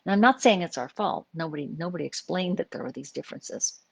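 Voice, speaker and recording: Low-voiced woman explaining calmly. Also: quick pace, creaky, slightly rough, no room sound. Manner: chatty, explanatory, many fillers and restarts. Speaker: psychologist answering viewer questions. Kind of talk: live-stream talk answering viewer questions.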